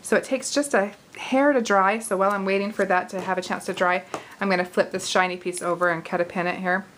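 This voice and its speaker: A woman in her forties hosting a casual card-making tutorial, chatty and quick to laugh as she talks through her work. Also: mid-range voice, fairly even intonation, a bit bright, a little hiss or hum, poor audio. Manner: chatty, laughs easily, thinks aloud while working. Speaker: craft video host.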